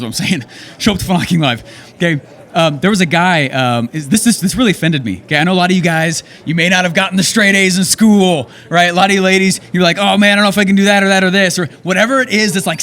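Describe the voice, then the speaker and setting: An excitable young man on a handheld microphone, pumping up an audience with a motivational talk. His voice sits high and he keeps checking in with "okay?" between punchy, fast-talking lines. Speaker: event speaker.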